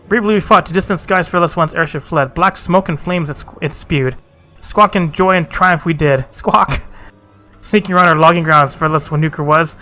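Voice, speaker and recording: A squawking birdman from a fantasy game, proud and excitable, twisting his sentences backward, as a man puts him on. The voice sits high and bright. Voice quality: squawks, backward word order.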